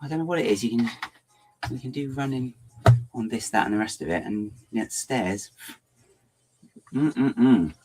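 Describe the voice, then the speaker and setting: This LEGO builder's mid-range voice is a little slow and darkish, with a breathy edge and long pauses. Livestreaming to chat, he rambles casually as he builds, muttering playful asides to himself, his throat giving him trouble.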